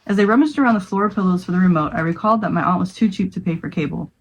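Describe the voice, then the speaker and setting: A young woman with a fairly low voice reads a creepy short story aloud as a podcast co-host. She trips over words now and then and laughs at her own slips. The reading is casual rather than polished. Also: very fast, rough recording.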